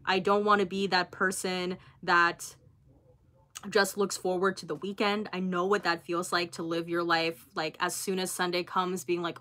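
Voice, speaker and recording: A woman in her twenties chatting casually on a livestream, reading viewer comments aloud in a lively, expressive way with lots of fillers. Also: on the low side, normal speed. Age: 20s. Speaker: YouTuber hosting a livestream.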